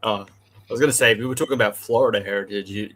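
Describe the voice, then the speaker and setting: A man's voice: lowish voice, steady tone, racing, fairly bright tone. A man co-hosting a live podcast, teasing and ribbing the host in casual chat.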